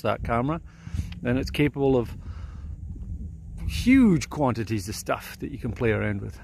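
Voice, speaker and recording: A man, a photographer, chatting casually outdoors at a small airport at dawn, with a relaxed manner and many fillers. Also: mid-range voice, vocal fry, breathy edge. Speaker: landscape photographer. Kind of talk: casual instructional vlog.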